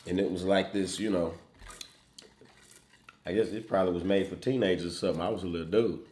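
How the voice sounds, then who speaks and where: Low-voiced Louisiana man in echoey room. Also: fast, slight background noise. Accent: western Louisiana. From Louisiana, USA. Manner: relaxed, drawling, hesitant with fillers. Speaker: co-host, partner. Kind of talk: casual couples chat.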